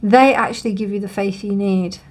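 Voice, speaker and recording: Speaking in a mid-range voice, a woman does a casual tarot reading to camera, thinking aloud and reassuring her viewers. Her talk is full of ums and you-knows, and she frequently yawns as she reads.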